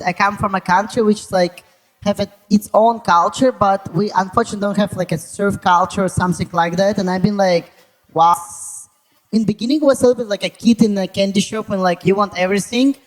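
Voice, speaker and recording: A man from Russia with a Russian accent, speaking English as a second language in a casual panel chat, telling stories with lively, acted-out quotes. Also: high voice, fast, low-quality recording. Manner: animated, acts out quotes, non-native grammar. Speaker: surfer guest on a panel.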